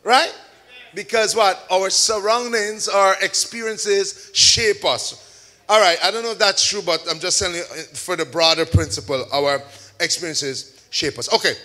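A man preaching a sermon to a congregation, shouting key words, drawing out call-and-response and mixing in chatty everyday examples. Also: sits high, steady tone, unhurried. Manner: homely store examples, chatty asides. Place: church service with a congregation.

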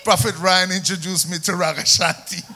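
A man with a Jamaican accent preaching a sermon as pastor, calling for responses from the congregation and swinging between loud emphasis and quiet asides. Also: high voice, steady tone, moderate pace, slight background noise. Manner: call-and-response preaching, rising and falling emphasis.

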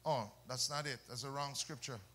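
A male preacher, delivering a fiery sermon, shouting and then dropping to soft asides, with call-and-response questions. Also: medium pitch, fairly even intonation, moderate pace. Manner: swings between loud shouts and soft asides.

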